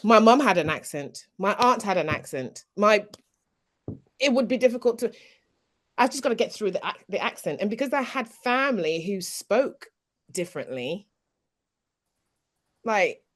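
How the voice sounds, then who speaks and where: A woman's voice: mid-range voice, very animated, moderate pace, pauses often. A woman speaking as a panelist in a casual podcast discussion, earnest and often restarting her sentences. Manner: earnest, restarts often, stresses key words.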